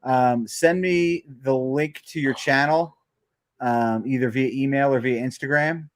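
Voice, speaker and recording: An easygoing man co-hosting a casual live stream who explains things hesitantly, with lots of fillers. His voice sits at a middle pitch. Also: unhurried, no echo, clean studio sound. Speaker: co-host of motorcycle live stream.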